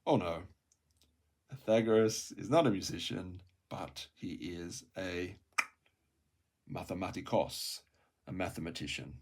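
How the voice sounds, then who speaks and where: Slow, gravelly man reading aloud. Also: low voice. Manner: slow, halting reading, repeating and correcting words; thinks aloud with soft asides. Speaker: language learner reading a textbook aloud. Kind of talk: casual read-through of a Greek textbook.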